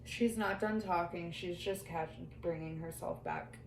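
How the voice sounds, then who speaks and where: During a reading, this medium passes along a spirit's words, quoting it directly and laughing from time to time. She speaks a little slowly in a fairly low, steady voice; the room echoes and there's faint background noise.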